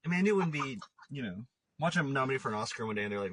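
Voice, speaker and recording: A man's voice: medium pitch, animated, racing, fairly bright tone, a little hiss or hum. A man hosting a podcast, telling a rambling story with lots of laughs and acted-out quotes. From Italian Scottish family. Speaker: podcast host. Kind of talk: casual chat, storytelling.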